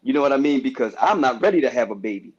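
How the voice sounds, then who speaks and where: A man's voice: mid-range voice, animated, racing, husky. A man talking on a casual panel discussion who keeps asking "you know what I mean" and restarts his phrases. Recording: dull lo-fi sound.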